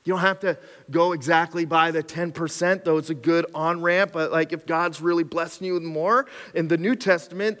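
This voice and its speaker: Emphatic male pastor in a reverberant hall. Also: on the high side. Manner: emphatic, rising to loud passion, with asides and laughs. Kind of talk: sermon. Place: church auditorium.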